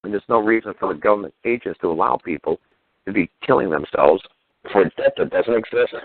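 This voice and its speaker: A man's voice: sits low, animated, fast, gravelly, no room sound. A man hosting a call-in radio show, telling stories in a blunt, heated, profane way. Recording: phone-like narrow audio.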